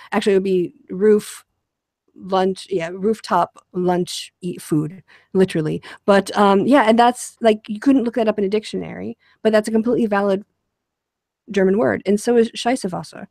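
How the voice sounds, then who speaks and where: Woman host, casual chat, rambling explanations, many fillers, dry sound, medium pitch. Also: a little mellow, dry recording. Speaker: show host. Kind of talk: casual conversation.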